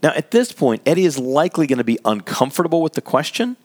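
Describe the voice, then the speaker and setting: A man's voice: on the high side, very animated, fast, a little mellow. A man giving an instructional talk on workplace conversations, speaking conversationally and acting out scenarios. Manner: conversational, explains with acted scenarios, laughs lightly. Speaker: workplace communication trainer.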